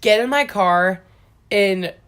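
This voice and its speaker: A woman's voice: medium pitch, slow pace, a bit bright, clean tone. A young woman co-hosting in casual chat, rambling and laughing often.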